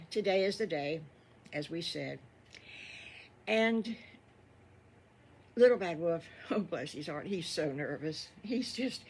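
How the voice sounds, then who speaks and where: Older woman, improvised children's storyteller, folksy and rambling, lower voice. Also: expressive, takes it slowly, pauses often, a little mellow, slightly rough.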